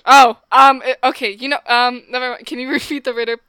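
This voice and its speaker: A woman's voice: sits high, level tone, brisk, crowd noise. A woman playing a tabletop game, hesitant and flustered, laughing often. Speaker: player. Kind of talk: casual tabletop play.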